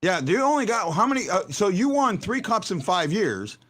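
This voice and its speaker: Male fan-show host, high and lively voice, animated delivery with repeated false starts. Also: normal speed. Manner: animated, repeats words when starting a point. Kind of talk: casual sports chat.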